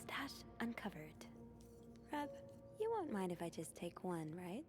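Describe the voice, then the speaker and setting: A friendly, curious young hotel staffer who likes to tease her coworkers. Her voice sits at an ordinary pitch, with game music under the dialogue. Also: very animated, a little slow. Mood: hushed.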